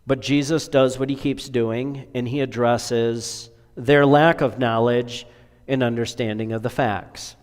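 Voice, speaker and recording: A man's voice: medium pitch, steady tone, measured pace, big-room sound. A man preaching a sermon as pastor. He asks rhetorical questions, pushing some phrases up with force and letting others sink to a near-whisper. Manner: rhetorical questions, rising to emphatic peaks then dropping to near-whispers.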